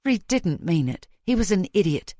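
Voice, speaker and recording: A woman narrator playing a tender, resolute young woman in an audiobook, softly tearful but firm. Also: lowish voice, sing-song, normal speed, no room sound. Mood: calm. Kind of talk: audiobook character voice.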